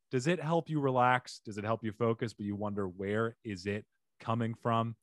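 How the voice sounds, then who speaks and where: A man's voice: fairly low pitch, moderate pace, a bit bright, dry recording, studio quality. A man hosting a comedy podcast over a remote call, joking and ad-libbing playfully in casual chat. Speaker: podcast host.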